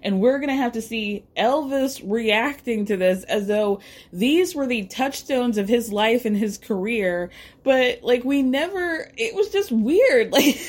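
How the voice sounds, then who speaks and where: A woman hosting a casual pop-culture podcast, chatting in a gossipy way with lots of fillers and asides, and jumping her pitch up for emphasis. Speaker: podcast host.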